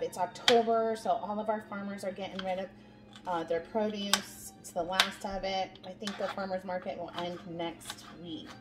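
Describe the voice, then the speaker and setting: A woman hosting a casual cooking demonstration in a home kitchen, chatting through each step as she works. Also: medium pitch. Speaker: cooking show host. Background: background music.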